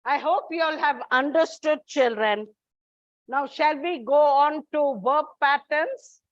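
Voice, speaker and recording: Woman teacher going thru a lesson real slow and careful, dry dull sound. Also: high-pitched, no room sound. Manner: slow, deliberate, addresses students as children. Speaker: English teacher. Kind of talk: classroom lesson. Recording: dull, lo-fi recording.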